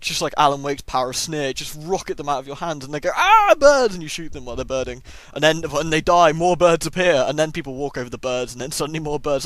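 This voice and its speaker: A man's voice: fairly high pitch, fairly bright tone, dry recording. A man who has a cold, chatting enthusiastically through a casual first-impressions game review with plenty of ums. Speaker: gaming YouTuber.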